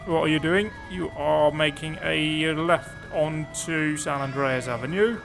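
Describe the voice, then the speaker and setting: A young man giving chatty, sarcastic commentary over his own police-driving gameplay, with sudden excited outbursts. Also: a little high, a little slow, vocal fry, few pauses, soft background music. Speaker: gaming YouTuber.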